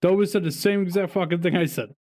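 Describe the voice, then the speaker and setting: A man's voice: sits high, fast, darkish tone. A man hosting a podcast in casual chat, teasing and arguing with his co-hosts. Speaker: podcast host.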